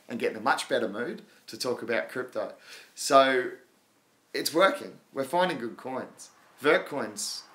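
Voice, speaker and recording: A man's voice: medium pitch, fairly bright tone. Casual male livestream host, rambling and chatty, mid-range voice, laughs a lot.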